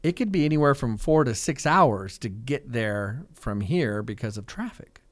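A middle-aged man, a real estate agent and coach, talking in a chatty, energetic way with lots of "like" and "right?" in a casual radio interview. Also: medium pitch, normal speed, no room sound. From Fresno, California.

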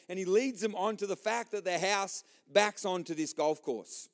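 A man's voice: high voice, normal speed, hardly any pauses. A man with an Australian accent preaching a sermon in church, telling jokes and speaking straight to the congregation. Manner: jokey storytelling, lively, talks directly to the congregation. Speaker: pastor. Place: church service.

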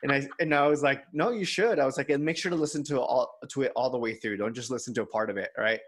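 A man of ordinary pitch, talking casually on a podcast. He tells a personal story candidly and quotes others in his own voice. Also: little pitch movement, quick pace, a bit bright. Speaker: podcast co-host. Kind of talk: casual chat.

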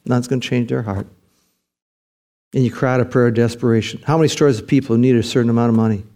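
A man's voice: mid-range voice, fairly even intonation, racing, mellow. A man preaching a sermon as pastor, conversational, building to emphatic, rising passages.

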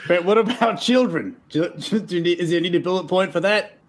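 A man's voice: high voice, fairly quick. A man playing a tabletop game, speaking earnestly and urgently in character, often laughing. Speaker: player. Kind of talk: in-character tabletop role-play.

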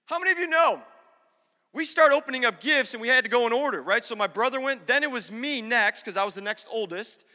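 High, bright-voiced man preaching. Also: lively intonation, fairly quick, in a large hall. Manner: humorous, talks directly to the congregation. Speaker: pastor. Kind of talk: sermon with personal storytelling. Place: church.

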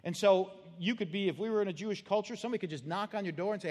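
A male pastor with a somewhat high voice delivers his sermon in a loose, conversational way, acting out little scenes and laughing at his own jokes. His voice carries a long reverb, as if in a large church sanctuary. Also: very fast, hardly any pauses, darkish tone.

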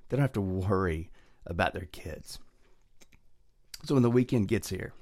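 A man's voice: fairly low pitch, darkish tone, no echo, studio quality. A middle-aged man, hosting a motivational podcast in an earnest, heartfelt, conversational way. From Southern US. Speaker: podcast host.

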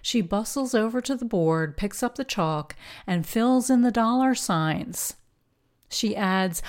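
A woman giving a scripted, measured narration that analyzes an old western film with a wry edge. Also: mid-range voice. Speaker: film commentator.

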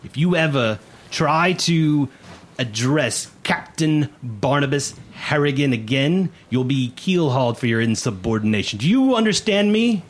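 A man voicing a strict, impatient male pirate first mate who barks his orders loudly. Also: medium pitch, animated, measured pace, voice pushed up. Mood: threatening.

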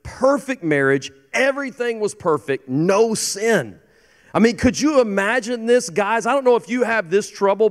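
A man with a high voice preaches a sermon, talking to the room in a chatty, joking way and throwing out rhetorical questions. Long reverb from the hall trails behind his words. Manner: conversational preaching with jokes, laughs and rhetorical questions. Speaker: pastor.

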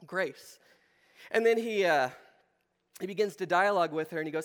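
A man's voice: high-pitched, normal speed, a bit bright, clean tone. A middle-aged male pastor giving a conversational sermon, asking the room questions and acting out short quotes. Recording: long hall reverb.

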